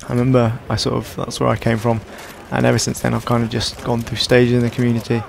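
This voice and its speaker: Young male gaming commentator, tired and hoarse, gravelly, self-deprecating rambler. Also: medium pitch, completely flat delivery, quick pace, a little hiss or hum. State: hoarse, sore throat. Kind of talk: casual gameplay commentary.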